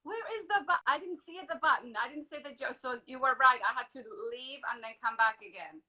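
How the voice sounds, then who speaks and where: Woman in her fifties, guest, bright tense voice, slightly high, excited. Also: a little fast. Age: 50s. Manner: excited, self-deprecating, laughing. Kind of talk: casual chat.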